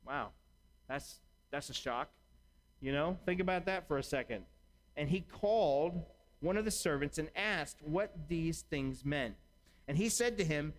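Conversational preacher with a higher voice. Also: male voice, normal speed, rough recording. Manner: conversational, acts out imagined dialogue. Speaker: pastor. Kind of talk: sermon.

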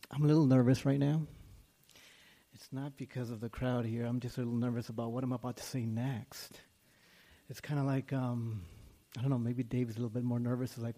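A man's voice: medium pitch, mellow. A man, a school principal, speaking to a congregation in a chatty, self-deprecating way with many fillers. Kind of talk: casual talk to a congregation.

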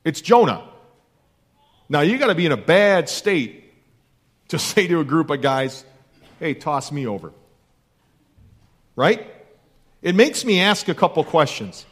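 A man's voice: a little high, very animated, measured pace, pauses often, fairly bright tone, slightly rough. A man preaching a sermon in a conversational, emphatic way, repeating key phrases. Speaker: pastor.

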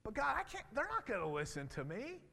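A man's voice: extremely high pitch, huge pitch swings, brisk, vocal fry, pushed and bright, voice pushed up, full character voice. A man preaching a sermon who voices Moses as a doubtful, pleading leader. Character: Moses, anxious reluctant male leader. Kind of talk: preaching with acted quotes. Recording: long reverb in a hall.

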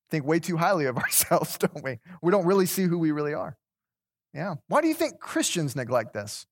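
A man's voice: on the high side, big pitch swings, fairly quick. A man teaching an interactive Bible class, talking conversationally, repeating words and putting questions to the group.

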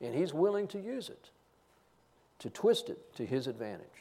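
A man's voice: a little high, big pitch swings, normal speed, mellow. An older man preaching a sermon, asking rhetorical questions and telling self-deprecating stories with humor. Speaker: pastor.

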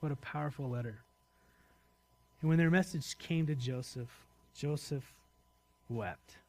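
Conversational male pastor, slightly high voice. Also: unhurried, darkish tone. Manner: conversational, asks the congregation questions. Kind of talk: sermon.

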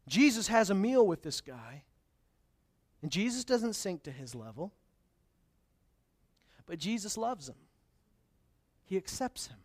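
High-voiced man preaching a lively sermon. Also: a little slow, pauses often. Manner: conversational storytelling that builds to emphatic declarations. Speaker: pastor.

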